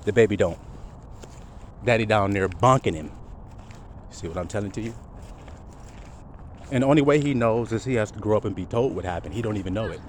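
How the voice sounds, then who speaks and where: A man preaches outdoors, his voice rising and falling in a lively way as he keeps asking his listeners questions. Traffic noise from the street runs clearly under the recording. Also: on the low side, fairly quick, pauses often. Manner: preachy, full of rhetorical questions. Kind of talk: street-side sermon.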